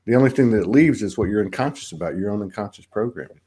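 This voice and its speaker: Male chat host, slightly low voice, meandering reflective delivery, video-call sound. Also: expressive, fast, dark tone, breathy edge. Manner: rambling, reflective, many restarts. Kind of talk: casual live online chat.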